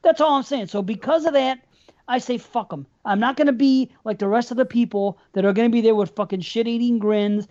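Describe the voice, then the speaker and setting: A woman's voice: fairly high pitch, a little fast, warm tone. A woman co-hosting a podcast, ranting heatedly in casual talk, swearing constantly and repeating words. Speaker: podcast co-host. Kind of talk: casual profane rant. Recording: dull lo-fi sound.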